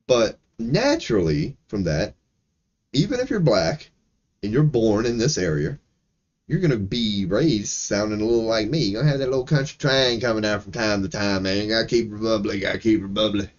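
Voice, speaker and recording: A Maryland man streams a casual rant full of swearing, animated energy, and laughing asides. His voice is lowish, and the audio has its highs cut off.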